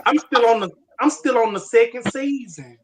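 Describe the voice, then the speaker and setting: A woman's voice: on the high side, moderate pace. A woman chatting casually on a live video call, telling stories in a loose, slangy way with lots of laughter. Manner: laughing, animated storyteller, slangy. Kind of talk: casual chat.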